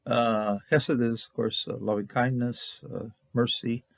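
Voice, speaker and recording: A man teaching Bible Hebrew verse by verse, halting with fillers and checking in with "okay?", on a dull lo-fi recording. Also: medium pitch, steady tone, gravelly, dry recording. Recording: dull lo-fi sound.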